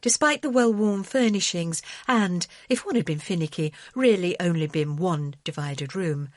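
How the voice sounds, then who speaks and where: A woman narrating an audiobook with expressive storytelling. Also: on the low side, moderate pace, no room sound, studio quality.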